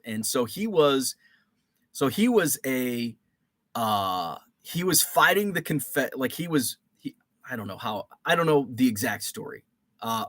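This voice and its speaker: Guy hosting a live stream chat, rambly, lots of uh and restarts, mid pitch, dry sound. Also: a bit bright, dry recording. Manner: rambling, many fillers and restarts.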